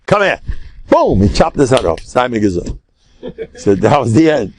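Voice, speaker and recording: An older man, a rabbi, teaching a lesson through lively storytelling, with Hebrew and Yiddish words mixed in. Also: mid-range voice, normal speed, dry recording.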